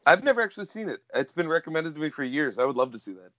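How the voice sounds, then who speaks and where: A man's voice: a little high, very animated, racing, a bit bright, dry recording, muffled recording. A male podcast co-host on a video call, chatting casually with enthusiasm and jokes. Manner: enthusiastic, jokey, slips into impressions. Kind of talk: casual chat.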